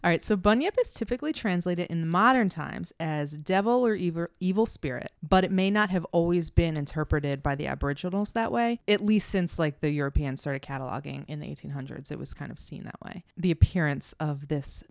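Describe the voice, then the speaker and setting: A woman's voice: low-pitched, fairly quick, creaky, hardly any pauses, dry recording, studio quality. A woman co-hosting a casual podcast chat, laughing often as she explains things. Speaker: podcast co-host.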